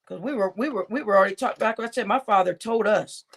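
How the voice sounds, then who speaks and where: A woman's voice: medium pitch, quick pace, creaky. A woman hosting a livestream reaction show, talking indignantly and mockingly in casual commentary. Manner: indignant, mocking, repeats lines with laughter.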